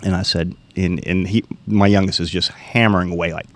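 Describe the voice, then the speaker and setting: A man's voice: sits low, fairly quick, creaky, hardly any pauses. A middle-aged man, casually telling a hunting story and acting out the dialogue. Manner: animated storyteller, acts out quoted dialogue.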